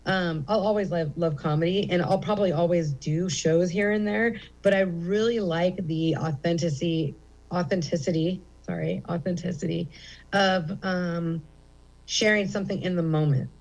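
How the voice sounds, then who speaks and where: A woman's voice: fairly low pitch, steady tone, normal speed, a little mellow, rough recording. A middle-aged woman comedian speaking as an interview guest at a comedy theater, candid and rambling with many fillers. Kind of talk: casual interview chat.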